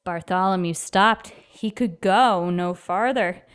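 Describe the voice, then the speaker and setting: A woman reading a children's picture book aloud in an expressive, lively storyteller manner. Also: lowish voice, slow, smooth.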